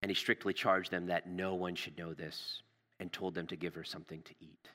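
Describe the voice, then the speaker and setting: Bright-toned male preacher in a hall. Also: level tone, brisk. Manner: storytelling, rises for drama and drops low for tender words. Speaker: pastor. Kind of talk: sermon.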